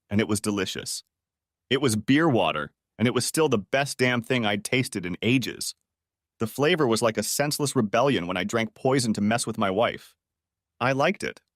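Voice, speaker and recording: A man's voice: mid-range voice, fairly bright tone, no echo, studio quality. A man narrating a first-person story in a dramatic, emotional way.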